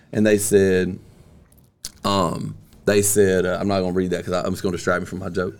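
Low-voiced man rambling through a joke. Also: flat delivery, brisk. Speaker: podcast host. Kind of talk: casual chat, joke telling.

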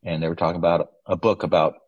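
A man's voice: sits low, level tone, fast talker, dry recording, muffled recording. A man, an author's son, telling casual anecdotes in an interview, acting out the voices of people he quotes. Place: West Coast wine region home.

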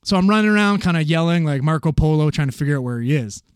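A man casually telling a paramedic story, animated and swearing freely as he acts out the voices of the people in it. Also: a little high, fast talker, clean tone, no room sound, clean studio sound.

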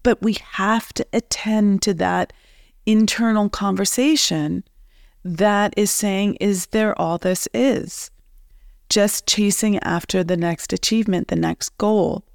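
A woman coach talks slowly and reflectively to the listener in a motivational talk. Her voice is smooth and resonant with a gravelly edge. The sound is dry and close. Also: medium pitch, fairly even intonation, no room sound. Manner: slow, reflective, speaks straight to the listener.

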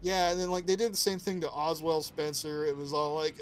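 Podcast co-host, male, higher voice, enthusiastic, swears freely, laughs a lot. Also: fast talker, few pauses. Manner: excited, profane, laughs often. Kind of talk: casual chat.

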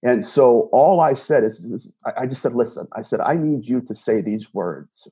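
A man's voice: mid-range voice, expressive, moderate pace, warm tone, husky. A man telling a personal story in an earnest, casual way, recounting a conversation line by line with many repeated words and restarts. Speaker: self-described empath telling a personal story.

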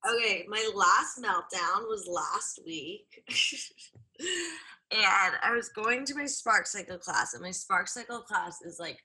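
A woman's voice: mid-range voice, takes it slowly, sharp tone. A young woman co-hosting a podcast, chatting casually and telling stories with lots of "like". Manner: chatty storyteller, many "like"s. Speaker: podcast co-host, blogger. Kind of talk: casual chat.

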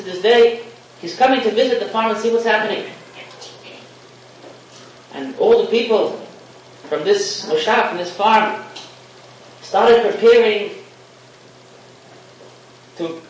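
A man giving a sermon, telling a parable in a storytelling manner and mixing in Hebrew and Yiddish terms. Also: high-pitched. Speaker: rabbi giving a talk. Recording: echoey room, distant mic, faint hiss.

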